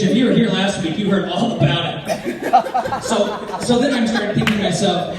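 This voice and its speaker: A man's voice: high-pitched, moderate pace, heavy background noise. A man doing a stand-up comedy set, telling brash, profane stories and acting out the lines of others. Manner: brash, profane storytelling with acted-out quotes. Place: comedy club stage. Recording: echoey club from far off. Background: audience laughter.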